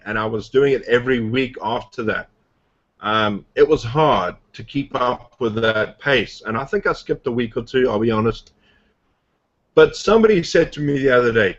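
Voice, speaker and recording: A man's voice: medium pitch, normal speed, fairly bright tone, dull audio. A man casually coaching a group about his online business, rambling with lots of fillers and restarts. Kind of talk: casual motivational talk on a group video call.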